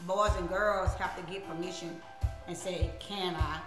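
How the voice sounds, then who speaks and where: Her voice is lowish and steady, at normal speed, as this woman minister runs a relaxed live stream full of laughter, repeated words, and sermon-like asides. Music plays in the background of an echoey room.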